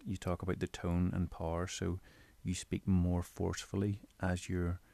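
A man in his bedroom giving casual spoken tips on voice recording, explaining in a relaxed, rambling way. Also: low voice, normal speed, vocal fry, no room sound. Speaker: audio creator giving tips. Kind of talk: casual instructional talk.

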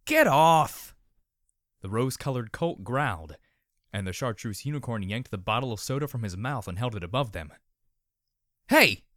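A man narrating a story in a measured, expressive manner. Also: on the low side, no room sound, studio quality.

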